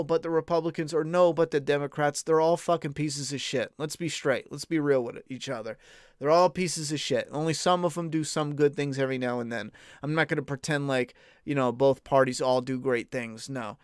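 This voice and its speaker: A man's voice: mid-range voice, normal speed, clear, resonant tone, dry recording, studio quality. Blunt, profane man chatting casually. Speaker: podcast host. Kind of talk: casual live-stream chat.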